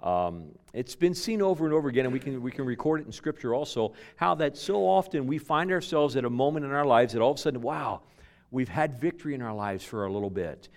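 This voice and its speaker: Dramatic male preacher swinging loud and hushed. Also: medium pitch, animated, quick pace. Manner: storytelling with repeated words and restarts. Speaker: pastor. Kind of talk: sermon.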